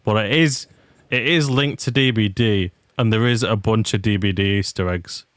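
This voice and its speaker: A young man chats casually while playing a game on stream, rambling and putting himself down. His voice is low and smooth, recorded close and dry. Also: normal speed, fairly bright tone, no echo. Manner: chatty, rambling, self-deprecating. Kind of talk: casual gameplay commentary.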